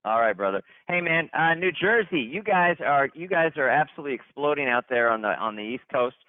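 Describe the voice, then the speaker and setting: A man hosting a company conference call, hyped and chatty, repeating himself and restarting sentences as he gives shout-outs. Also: on the high side, lively intonation, a little fast, no room sound. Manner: hyped, repetitive, stumbling restarts. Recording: tinny dry phone line.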